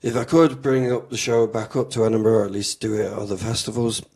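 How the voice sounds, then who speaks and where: A man, a comedian, talking in an interview in a rambling, halting way with many fillers. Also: fairly low pitch, fairly even intonation, darkish tone, husky. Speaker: comedian guest. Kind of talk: interview chat.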